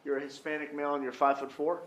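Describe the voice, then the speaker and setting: A man's voice: fairly high pitch, flat delivery, rapid-fire, a bit bright. A man cross-examining a witness in a courtroom, questioning with hesitant restarts. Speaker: defense attorney. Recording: roomy courtroom audio with faint hum.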